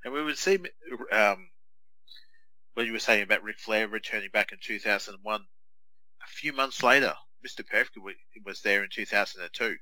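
A lower-pitched man with a strikingly bright, forward tone chats through a wrestling watch-along. He rambles casually, trailing into playful put-on voices. The sound is close and dry, with no room around it. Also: moderate pace, dry recording, rough recording. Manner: chatty, slips into jokey impressions of wrestlers. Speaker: podcast co-host.

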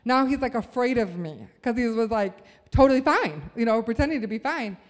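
Woman, sermon, earnest storyteller, higher pitch, long hall reverb. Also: animated, brisk. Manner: earnest, storytelling, rising to fervent. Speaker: speaker at a church service.

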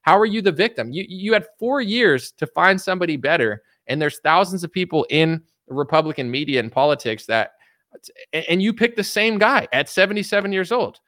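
Casting note: male commentator, sarcastic and blunt, lively up-and-down delivery, dry close sound. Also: high voice, fairly quick, dry recording. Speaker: political commentator. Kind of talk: casual opinion rant.

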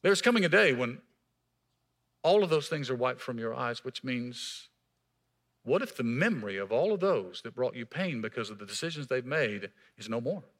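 A man preaching a sermon in a church as pastor, emphatic, swinging between raised passages and hushed, quiet lines. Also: medium pitch, lively intonation, normal speed.

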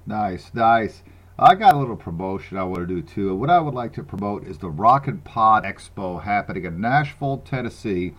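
Blunt Southern man, fairly low voice. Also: lively intonation, moderate pace. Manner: blunt, swears freely, stammering restarts. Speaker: podcast co-host. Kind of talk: casual podcast chat.

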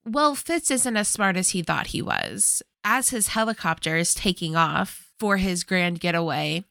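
A woman's voice: fairly low pitch, big pitch swings, a little slow, vocal fry, pushed and bright, no echo, clean studio sound. A woman co-hosting a podcast, retelling a movie plot in casual chat with wry, sarcastic comments. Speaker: podcast co-host.

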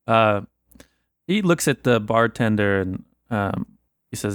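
A man narrating scene actions as game master in a casual, halting way. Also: fairly low pitch, animated, clean tone, no room sound, studio quality.

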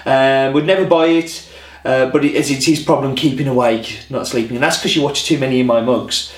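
A man's voice: medium pitch, steady tone, a little fast. A man hosting a coffee vlog in casual chat to camera, rambling and self-deprecating. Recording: roomy echo.

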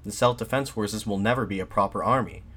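A man voicing a defiant nationalist addressing soldiers from a balcony, in an impassioned, shouted pleading manner. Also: lowish voice, fast, slightly rough. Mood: fervent, shouting.

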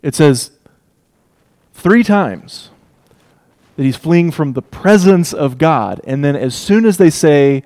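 A man preaching an expository sermon, emphatic, swinging between loud declarations and hushed asides. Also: fairly high pitch, lively intonation, slow pace.

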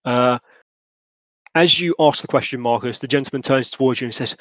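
A man running a tabletop role-playing game, narrating scenes in a relaxed, descriptive way. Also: medium pitch, brisk, no room sound. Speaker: game master.

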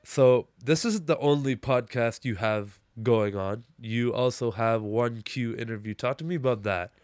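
A man's voice: mid-range voice, measured pace, darkish tone, no echo, studio quality. A man hosting a podcast in casual conversation, laid-back and slangy, with enthusiastic reactions. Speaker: podcast host.

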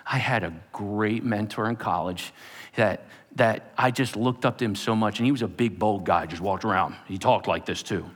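A man's voice: fairly low pitch, moderate pace. A man preaching a sermon, emphatic and speaking straight to the congregation. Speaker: pastor. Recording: long hall reverb.

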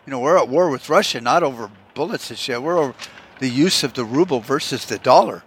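A man hosting a podcast, ranting at length in a sarcastic, heavily profane way. His voice sits mid-range in pitch, and his talk wanders from point to point. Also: lively intonation, a little fast, slightly rough. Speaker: podcast host. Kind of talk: profane monologue rant.

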